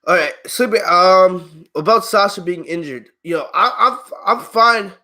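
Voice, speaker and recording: High-voiced man ranting at his chat. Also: a little slow, bright, forceful tone. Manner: heated, exasperated ranting; swears freely, laughs at his chat. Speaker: wrestling channel host. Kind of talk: live-stream review, talking back to chat.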